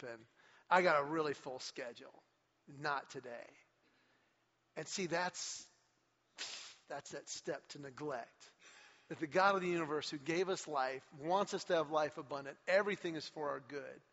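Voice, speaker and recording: A man with a fairly high voice preaches a sermon, leaning into his stories and acting out quotes with mounting energy. The sound is slightly muffled, and his voice rings with a long reverb, as in a large church sanctuary. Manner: animated storyteller, acts out quotes with rising energy. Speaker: pastor. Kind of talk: sermon with storytelling.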